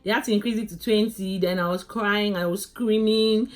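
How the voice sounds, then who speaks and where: A woman vlogging her labor story in a casual, animated way, often calling viewers "guys" and restarting her sentences. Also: mid-range voice, moderate pace.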